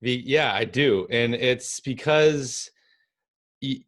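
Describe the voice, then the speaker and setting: A man hosting a podcast, affirming his guest and talking haltingly with many restarts. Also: mid-range voice. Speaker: podcast host. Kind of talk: casual conversational interview.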